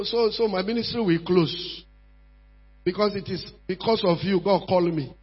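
A pastor preaching a sermon, emphatic and repetitive, swinging from quiet talk to shouting. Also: male voice, sits high, husky. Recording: dull lo-fi recording with mains hum.

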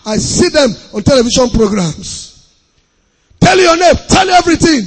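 A man preaches as pastor in a strikingly high, gravelly voice. He hammers his points with repetition and bursts of shouting. The sound carries the long reverb of a church hall. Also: expressive, moderate pace. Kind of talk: sermon.

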